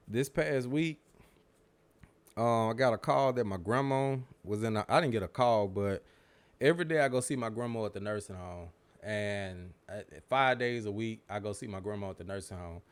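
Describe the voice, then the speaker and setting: A man hosting his own podcast, talking in a relaxed, conversational way with casual slang, recorded on a studio mic in a home room. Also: fairly low pitch, normal speed, clean tone. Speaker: podcast host. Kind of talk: casual solo podcast talk. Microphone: studio microphone.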